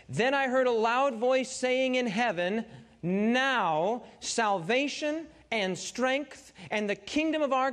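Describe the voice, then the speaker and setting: A man preaching a Bible study sermon, prompting his congregation to call out answers and repeating key phrases for emphasis. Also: sits high.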